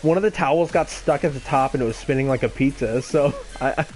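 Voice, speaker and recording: A gaming channel host in his twenties talks fast in a mid-range, darkish voice over soft background music. His casual story rambles, packed with swearing and laughs at his own expense.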